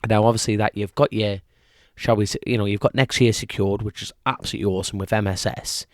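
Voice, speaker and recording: A man's voice: fairly low pitch, steady tone, quick pace, no room sound, studio quality. A young man co-hosting a casual podcast chat. He rambles, jokes, loses his thread and laughs often. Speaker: podcast co-host.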